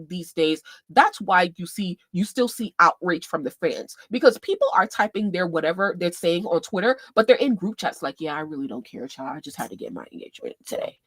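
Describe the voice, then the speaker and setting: A woman hosting a casual livestream, animated and swearing freely, swinging between loud outbursts and quiet asides. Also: on the low side, breathy edge, no room sound. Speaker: livestream host.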